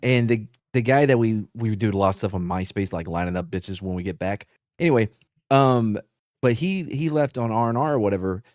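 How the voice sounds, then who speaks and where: A man's voice: on the low side, a little fast, darkish tone, dry recording. Profane storytelling man, dry close sound. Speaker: podcast host. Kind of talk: casual storytelling chat.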